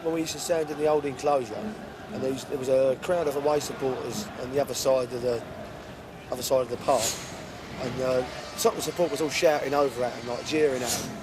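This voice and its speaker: A football supporter telling a story in a wry, amused way. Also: male voice, mid-range voice, steady tone, fast talker. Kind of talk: telling an anecdote in an interview. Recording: street noise outdoors.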